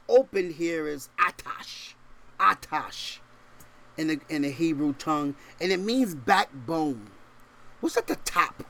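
A male pastor preaching a sermon, emphatic, swinging from loud stressed points to quiet asides and often checking in with rhetorical questions. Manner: shifts between raised, forceful stresses and low, quiet asides.

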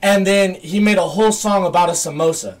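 High-voiced young man, slightly off-mic. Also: a little fast, distant mic, over a noisy crowd. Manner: excitable, swears constantly. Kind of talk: casual podcast chat.

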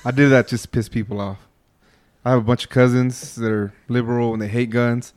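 A man's voice: mid-range voice, flat delivery, a little fast, a little mellow, clear, resonant tone. A man on a casual podcast, telling a story in a laid-back way. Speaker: podcast co-host.

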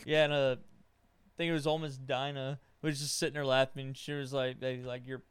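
Smooth-voiced man telling a story. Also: mid-range voice, flat delivery, normal speed. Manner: self-mocking, casual storyteller. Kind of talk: casual chat, storytelling.

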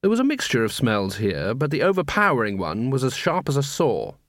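A man reading a novel aloud as narrator, measured and even. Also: medium pitch, no echo, studio quality. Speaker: audiobook narrator. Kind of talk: scripted narration.

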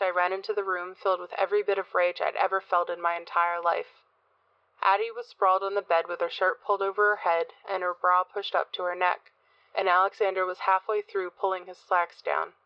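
Woman narrator for horror audiobook, measured and dark, dry close read, slightly lo-fi. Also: fairly low pitch, no echo.

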